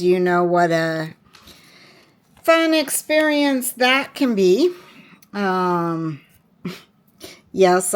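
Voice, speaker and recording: A woman's voice: medium pitch, clean tone. A woman chatting casually to her viewers while working on her planner, rambling along with many fillers and restarts. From Washington State, US. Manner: slow, unhurried talk. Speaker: planner vlogger.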